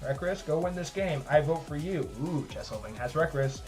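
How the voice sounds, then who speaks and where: A man's voice: fairly high pitch, expressive, moderate pace, darkish tone, soft background music. A man hosting a live chess tournament stream in casual chat, rambling with lots of "like" fillers and joking at his own expense. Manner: rambling, heavy use of "like" fillers; joking, self-deprecating.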